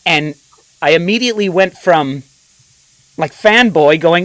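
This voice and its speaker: An American man in his forties tells stories with plenty of energy and laughs as he goes. His voice sits a little high for a man. It sounds close and dry, with no room around it. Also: unhurried, no echo. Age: 40s. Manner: animated storyteller, laughs often. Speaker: guest. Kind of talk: casual podcast chat.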